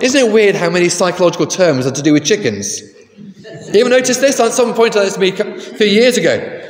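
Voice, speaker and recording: A man preaching a sermon in a conversational way, asking the congregation questions. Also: high voice. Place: large church. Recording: echoey church with long reverb.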